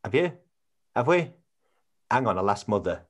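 A man's voice: fairly low pitch, very animated, normal speed. An actor playing a chatty son planning a funeral, blunt and earnest, always checking with his mother. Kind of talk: comedy series acting on a video call.

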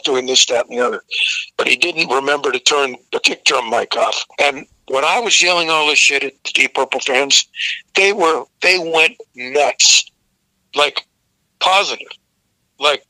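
An older man, a rock singer, telling a profane, animated story as a guest in a casual interview. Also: mid-range voice, no echo, low-quality recording.

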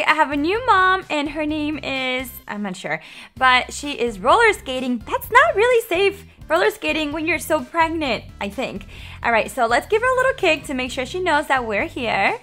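A young woman hosting her gaming channel, giggling and excitable as she chats to viewers while she plays. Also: high voice. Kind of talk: bubbly game commentary.

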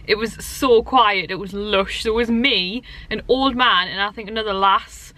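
A woman's voice: medium pitch, unhurried, pushed and bright. A young woman chatting casually to a handheld camera in a vlog, tired and out of breath, rambling from one story to the next. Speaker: vlogger.

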